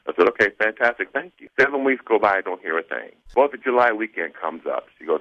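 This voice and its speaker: A low-voiced man from South Central Los Angeles races through a personal story on a radio show. He acts out each quoted exchange as he goes. The recording is dull and lo-fi, with a dry sound. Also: quick pace, few pauses, dry recording. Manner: animated storyteller acting out quoted dialogue. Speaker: guest telling his story. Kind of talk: storytelling interview.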